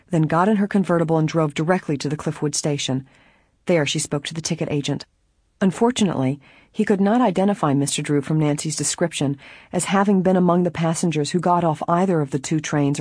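A narrator reading a mystery novel aloud in a steady, even storytelling manner. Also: mid-range voice, breathy edge, no echo, studio quality.

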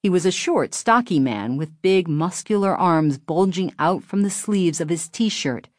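A woman narrates a children's story at a slow, careful pace. Her low voice swings widely in pitch as she tells it. The recording is dry and close, with no room sound. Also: no room sound. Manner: expressive, storytelling. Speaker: audiobook narrator. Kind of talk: scripted narration.

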